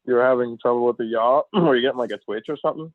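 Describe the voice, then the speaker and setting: A man's voice: mid-range voice, rapid-fire, no echo. A man joining a podcast as a guest over a remote call, chatting casually in a loose, rambling way and swearing freely. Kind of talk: casual chat. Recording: tinny phone-like call line.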